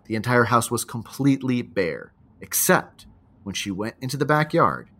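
A man's voice: medium pitch, big pitch swings, moderate pace, a bit bright. A man co-hosting a podcast, reading a listener's spooky story aloud and chatting, laughing often. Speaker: podcast co-host.

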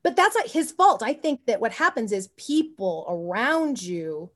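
A woman guest on an interview podcast, telling stories in an animated, rambling way with many asides and restarts. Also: on the high side, unhurried. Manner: often says "you know what I mean". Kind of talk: casual interview storytelling.

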